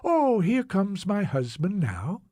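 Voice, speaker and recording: A man's voice: sits high, very animated, slow, a little mellow, no echo, studio quality, voice pushed up, full character voice. A man doing a young Scottish mother. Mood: hurried.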